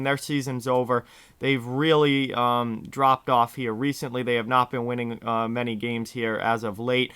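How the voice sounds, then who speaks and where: A man hosting a hockey picks show in a casual, chatty way, talking straight to viewers, his voice hoarse from yelling. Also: medium pitch, no echo. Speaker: sports picks show host.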